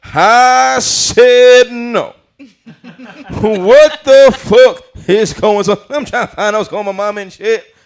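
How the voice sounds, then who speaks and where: Give me a man playing a loud, profane comedian, pitched up high. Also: slow, clear, resonant tone. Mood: rowdy. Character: brash foul-mouthed grown comedian impression, male.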